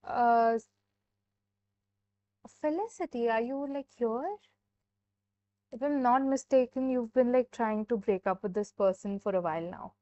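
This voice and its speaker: A woman's voice: on the high side, normal speed, dark tone, smooth. Chatty woman reading tarot. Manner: chatty, heavy use of "like" and fillers. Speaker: tarot reader. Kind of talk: live-stream tarot reading. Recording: dull, dry sound.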